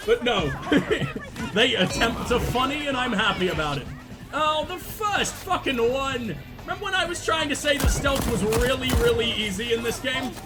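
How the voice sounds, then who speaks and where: High, excitable man swearing at a game. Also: moderate pace, over music. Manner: loud, sweary, self-mocking; yells in panic during fights. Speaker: gaming channel host. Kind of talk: let's play commentary.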